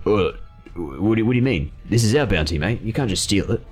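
A man voicing a rough male bounty hunter who keeps calling people mate, blunt and mercenary, in a tabletop game. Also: fairly low pitch, expressive, a little fast, a little mellow, soft background music. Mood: gruff.

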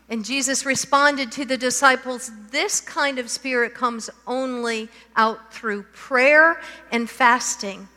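Slow high-voiced woman preaching. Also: steady tone, bright, forceful tone. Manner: reads scripture aloud and asks the listeners questions. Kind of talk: sermon. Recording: long hall reverb.

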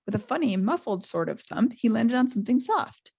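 Podcast host lady reading a book aloud, lively, bit of vocal fry. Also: fairly high pitch, a little fast. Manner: lively, laughs often.

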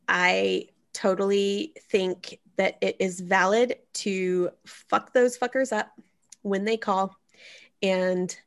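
A woman hosting a casual comedic advice chat, telling stories animatedly and cussing freely. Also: mid-range voice. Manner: profane, animated storytelling. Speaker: podcast host. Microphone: studio microphone.

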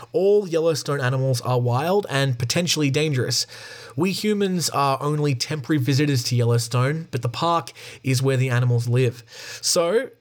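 A man hosting a podcast, reading a prepared script in a steady storytelling tone. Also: mid-range voice. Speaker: podcast host. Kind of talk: scripted narration.

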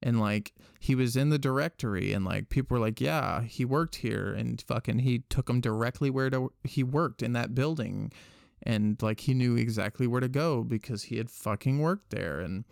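Male podcast co-host, casual and profane, gravelly, dry close mic. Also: medium pitch, normal speed, darkish tone, no echo. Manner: loose and profane, rambling retellings. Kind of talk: casual chat.

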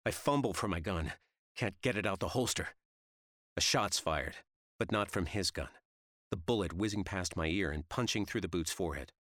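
A man's voice: low voice, a bit bright, no echo, studio quality. A man giving tense, vivid first-person audiobook narration.

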